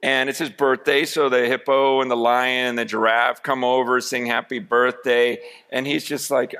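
A man's voice: medium pitch, level tone, normal speed, few pauses, fairly bright tone, clear, resonant tone. A man preaching a sermon in a conversational, anecdotal way, with many restarts. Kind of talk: sermon storytelling.

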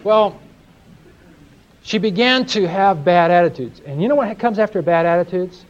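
Man, Bible teacher, lively rising and falling voice, folksy anecdotes, dull lo-fi live recording. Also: high-pitched, moderate pace. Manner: folksy storytelling, asks audience questions.

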